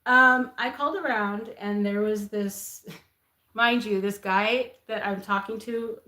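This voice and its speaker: A woman's voice: mid-range voice, slow pace. A young woman co-hosting a casual chat, telling a story with laughs and acted-out quotes. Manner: animated, acts out quoted voices, laughs often. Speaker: co-host, host's wife. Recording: roomy echo.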